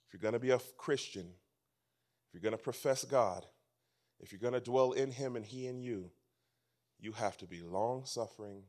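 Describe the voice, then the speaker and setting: Pastor guy preaching, goes big and loud then drops almost to a whisper, repeats stuff for punch. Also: mid-range voice, moderate pace, long pauses. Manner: dramatic swings from loud emphasis to hushed, near-whispered lines; emphatic repetition of phrases. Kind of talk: sermon. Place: church camp meeting.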